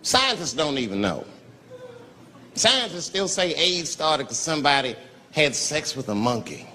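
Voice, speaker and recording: A man's voice: a little high, big pitch swings, unhurried. A man doing a stand-up comedy routine on stage, telling a profane story with big swings in his voice. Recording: live crowd laughter over loud room noise.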